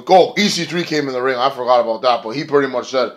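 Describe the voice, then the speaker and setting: Male reviewer, rambling and profane, sarcastic casual delivery, mid pitch. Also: brisk. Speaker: wrestling show reviewer.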